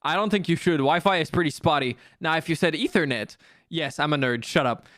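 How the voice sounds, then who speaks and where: A young male streamer with a high, smooth voice chats to his viewers at a home streaming setup. He is excitable and self-mocking and swears freely, and the sound is close and dry. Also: a little fast, no echo. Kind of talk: casual live-stream commentary.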